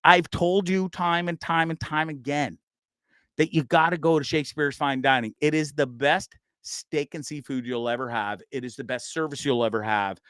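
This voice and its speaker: A Canadian man in his fifties hosting a live-streamed talk show, rambling and joking with lots of shout-outs and fillers. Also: on the high side, steady tone, normal speed, clear, resonant tone, dry recording. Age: 50s. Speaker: host.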